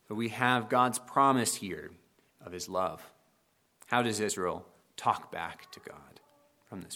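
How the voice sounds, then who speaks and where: A man preaching a sermon on a scripture passage, earnest and slowing down to dwell on the quoted verses. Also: fairly low pitch, a bit bright.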